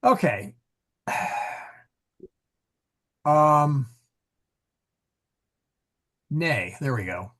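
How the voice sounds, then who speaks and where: A man's voice: mid-range voice, lively intonation, very slow, long pauses, fairly bright tone. A man teaching a Latin class, explaining grammar as he thinks aloud, with many fillers and restarts.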